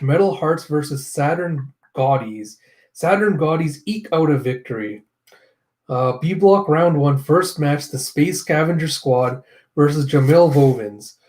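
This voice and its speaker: A man's voice: a little high, darkish tone. A man reading as a TV battle moderator.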